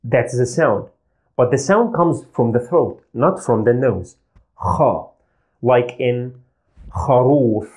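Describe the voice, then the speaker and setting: Man, slow and patient teacher, mellow voice, lively pitch. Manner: patient, repeats sounds slowly for learners. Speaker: Arabic language teacher. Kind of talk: slow, deliberate pronunciation lesson.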